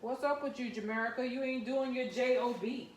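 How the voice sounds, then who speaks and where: A woman chatting her way through a home cooking vlog, rambling and laughing, with loud whoops now and then. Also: on the high side, steady tone, moderate pace, echoey room, a little hiss or hum. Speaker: home cook and vlogger. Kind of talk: casual cooking vlog chat. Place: home kitchen.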